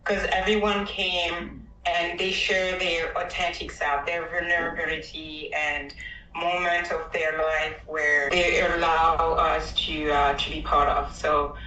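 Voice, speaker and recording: A woman on a group video call, giving a short reflection slowly and searching for words. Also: low voice, level tone, bright, forceful tone. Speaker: guest. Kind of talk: casual reflection. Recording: roomy distant call audio, faint hiss.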